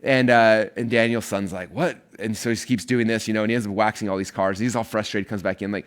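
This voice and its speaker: Very fast-talking male course instructor. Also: lowish voice, clear, resonant tone. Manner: energetic, rambling, many fillers. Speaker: online marketing course instructor. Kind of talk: casual teaching talk.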